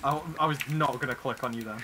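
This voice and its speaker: A man casting a video game stream, excitable and laughing, piling up protests. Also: medium pitch, fast, noisy background. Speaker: game caster. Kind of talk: casual game commentary.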